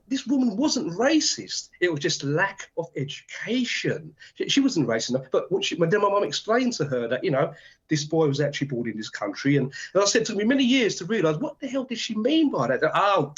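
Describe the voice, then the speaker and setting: Animated older british guy on radio, high-ish voice, does voices in his stories. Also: breathy edge. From Britain. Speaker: author and guest. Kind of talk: animated radio interview storytelling. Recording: dull lo-fi radio audio.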